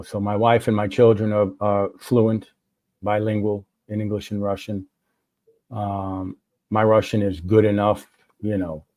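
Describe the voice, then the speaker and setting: A man's voice: on the low side, a little mellow, no echo. A man from New York, a guest and English teacher, chatting casually on a livestream. He acts out little conversations and often restarts his sentences. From New York, USA.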